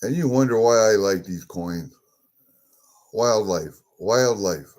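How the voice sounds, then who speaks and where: A man whose voice is on the low side and a little mellow talks at a moderate pace. As a coin collecting vlogger, he casually unboxes a package of coins, showing and chatting about them, easily delighted and muttering to himself.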